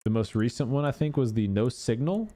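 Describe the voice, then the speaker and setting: A man's voice: medium pitch, lively intonation, a little fast, dark tone. A man giving casual gameplay commentary as a gaming YouTuber, thinking aloud in a chatty way with many filler words.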